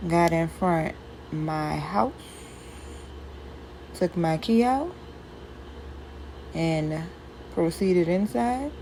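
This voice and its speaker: A woman with a New Orleans accent calmly walking through a route step by step. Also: lowish voice, extremely slow, long pauses, a little hiss or hum, low-quality recording. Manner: plain, step-by-step describing. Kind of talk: slow route narration.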